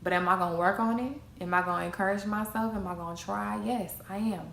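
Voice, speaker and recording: A woman's voice: medium pitch, quick pace, creaky, fairly bright tone. A young adult woman giving an emphatic motivational talk about self-esteem, repeating her key phrases like a preacher. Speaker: motivational vlogger. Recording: echoey room, faint noise.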